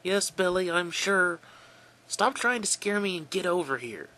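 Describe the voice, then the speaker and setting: A man voicing a scared, angry teenage girl babysitter in a shrill falsetto. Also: big pitch swings, normal speed, gravelly, a bit bright, exaggerated voice. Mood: annoyed. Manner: pleading, furious.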